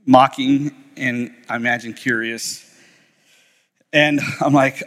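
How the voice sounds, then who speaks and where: A man's voice: medium pitch, fairly even intonation, slow pace, fairly bright tone, in a large hall. A middle-aged man preaching a sermon as pastor, telling a story conversationally and reading scripture aloud. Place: church.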